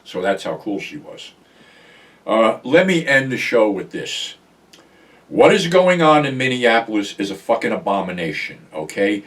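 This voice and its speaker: A man's voice: lowish voice, sing-song, normal speed, a bit bright, far from the mic. Blunt, profane man talking off-mic. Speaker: show host. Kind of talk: casual monologue to camera.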